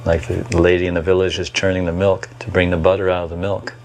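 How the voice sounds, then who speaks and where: Low, steady male voice, measured reminiscence, light hum in the background. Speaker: devotee recalling memories. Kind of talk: reflective recollection.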